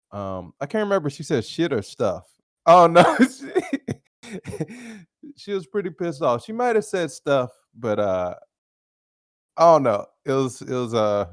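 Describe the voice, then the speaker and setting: A man's voice: fairly low pitch, no echo, clean studio sound. A man hosting a podcast, telling casual stories alone, laughing often and swearing freely. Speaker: podcast host. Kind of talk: casual storytelling monologue.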